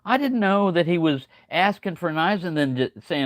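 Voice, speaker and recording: A man's voice: on the high side, expressive, normal speed, dry recording. An older man rambling casually on a livestream, folksy and chatty, greeting viewers by name. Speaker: livestream host. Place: home, early morning.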